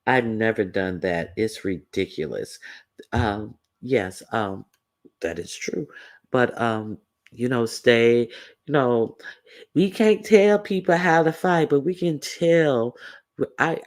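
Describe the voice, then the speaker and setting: A man giving casual livestream commentary, reading chat and rambling with sass and mocking imitations. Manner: rambling, sassy, with mocking high-voiced imitations.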